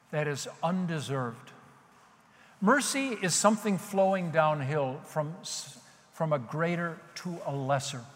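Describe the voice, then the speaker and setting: A man's voice: on the high side, a bit bright. Conversational male preacher in a big echoing hall. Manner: conversational, self-deprecating preaching. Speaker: pastor. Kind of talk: sermon. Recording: long hall reverb.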